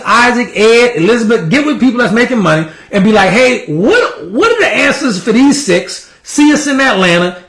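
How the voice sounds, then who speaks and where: A man's voice: high voice, fairly bright tone, echoey room. A man giving casual sales coaching, acting out sample conversations with prospects. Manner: casual, repetitive, acts out sample dialogue. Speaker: sales trainer. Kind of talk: motivational sales coaching talk.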